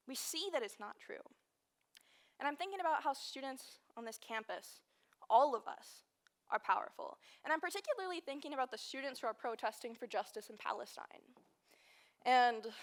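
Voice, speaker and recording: A woman's voice: fairly high pitch, fairly bright tone. A woman in her early twenties from Texas, a student giving an earnest personal storytelling speech with emphatic, repeated phrases. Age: early 20s. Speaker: student speaker.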